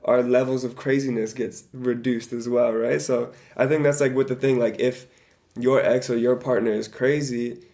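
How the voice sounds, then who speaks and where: Casting: man podcast co-host, gravelly voice, rambling easygoing chat. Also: medium pitch, flat delivery, moderate pace, dark tone. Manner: rambling, hedging with fillers. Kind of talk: casual chat.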